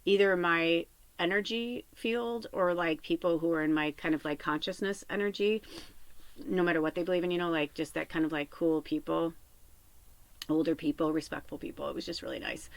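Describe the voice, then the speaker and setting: A woman's voice: on the low side, fairly even intonation, fairly quick, no echo. A woman in her fifties telling a long personal story in a casual, rambling way, tired, restarting sentences and filling with "like". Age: 50s. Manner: rambling, emotional, filler-heavy with frequent restarts. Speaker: spiritual medium podcaster.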